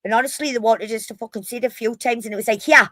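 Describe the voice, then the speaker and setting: Geordie woman co-host, rapid blunt sweary chat, slightly high voice. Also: fairly even intonation, dry recording. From Newcastle, England. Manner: fast-talking, sweary and blunt. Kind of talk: casual chat.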